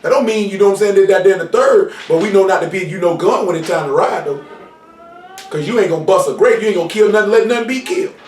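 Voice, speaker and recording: A man preaching an informal sermon in street slang, often asking "you know what I'm saying" and shouting for emphasis. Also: high-pitched, quick pace. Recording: roomy hall, mic far off, faint noise.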